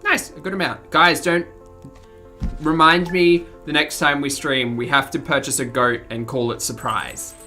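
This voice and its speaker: Bright-voiced Australian woman streamer. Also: low voice, steady tone, a little slow, faint music behind. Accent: mild Australian. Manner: chatty, laughs often, reads chat aloud. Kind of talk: casual chat with a livestream audience.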